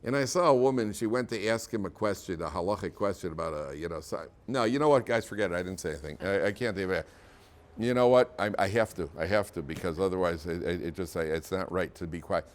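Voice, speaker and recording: A man giving voice to a sly, scheming man who spreads a rumor while pretending he would rather keep quiet. He stammers, restarts and trails off coyly, his voice on the low side and a little hushed. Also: fast talker, natural voice. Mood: feigned reluctance. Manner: hesitant, stammering, coy. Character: scheming man spreading gossip, feigning reluctance.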